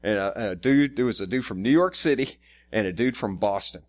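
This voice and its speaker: A man's voice: fairly low pitch, a little fast, lo-fi sound. A man co-hosting a podcast in casual chat, rambling and profane, stammering and restarting often. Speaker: podcast co-host.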